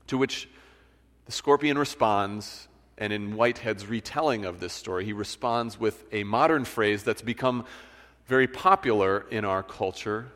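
A man's voice: lowish voice, moderate pace, fairly bright tone. A male pastor preaching a sermon in a conversational storytelling manner, often restarting phrases. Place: church sanctuary. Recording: church hall reverb.

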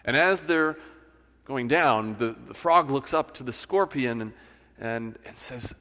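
A man preaches in a relaxed, storytelling way from a church sanctuary, often doubling back on his words. His mid-range voice carries a long, hollow hall reverb. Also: medium pitch, measured pace. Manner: conversational storytelling with restarts. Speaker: pastor. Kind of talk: sermon.

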